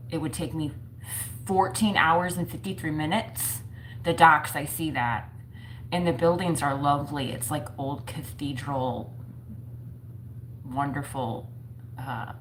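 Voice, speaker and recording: A woman's voice: low-pitched, fairly bright tone, a little hiss or hum, rough recording. A woman hosting a casual livestream from home, chatting with viewers in a playful, self-mocking way. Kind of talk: casual chat.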